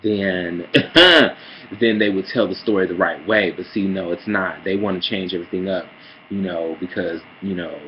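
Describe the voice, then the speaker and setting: A man ranting sassily in a casual vlog, calling listeners girl and honey, heated and swinging between mutters and loud outbursts. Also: deep voice, steady tone, moderate pace, muffled recording, a little hiss or hum. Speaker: vlogger. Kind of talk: casual opinion rant.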